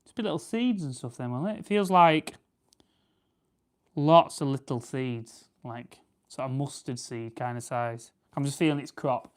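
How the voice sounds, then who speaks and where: This Yorkshire-accented man from Barnsley, England hosts a farming channel and preps game birds during a relaxed livestream. His medium-pitched voice is smooth and moderately paced as he rambles, corrects himself, and responds to viewers.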